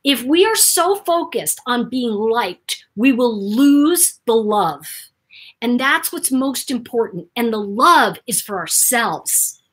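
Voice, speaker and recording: A woman hosting her own channel, telling a personal story to camera in an animated way, jumping between loud bursts and near-whispers. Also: a little high, slow pace, husky. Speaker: host.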